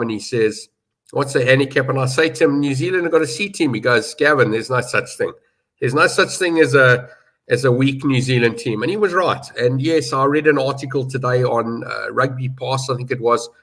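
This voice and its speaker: A man's voice: medium pitch, fairly bright tone. A middle-aged man from South Africa, a rugby betting pundit talking in a casual discussion, emphatic and fond of telling stories and repeating himself for stress.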